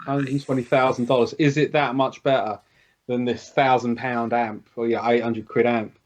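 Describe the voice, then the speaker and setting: A man's voice: mid-range voice, flat delivery, normal speed. A man, a guitarist guest, chatting casually on a podcast, self-mocking and geeky about gear. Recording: dull lo-fi recording.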